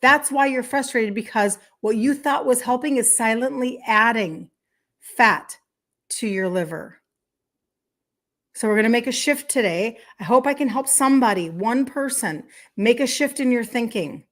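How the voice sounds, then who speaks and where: A woman in her fifties who works as a health coach hosts a weekday live stream, speaking casually at a normal speed in a slightly high, somewhat bright voice. She's chatty and emphatic, repeating her key points and checking in with "okay?"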